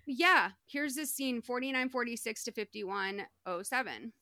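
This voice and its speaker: A woman's voice: medium pitch, lively intonation, normal speed, bright, forceful tone, no echo. A young adult woman recapping a movie on a podcast, chatty and full of "like.". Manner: chatty, lots of "like". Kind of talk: casual chat.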